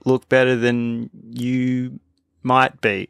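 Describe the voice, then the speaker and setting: Gravelly man, rambling chat. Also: mid-range voice, monotone, takes it slowly, fairly bright tone, no room sound, studio quality. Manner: rambling, many restarts and fillers. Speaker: podcast co-host. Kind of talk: casual chat.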